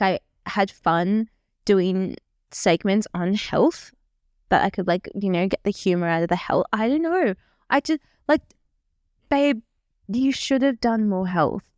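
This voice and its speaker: A woman's voice: mid-range voice, darkish tone, no room sound, clean studio sound. A woman in her twenties chatting casually as a vlogger, rambling and self-deprecating. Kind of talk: casual reaction chat.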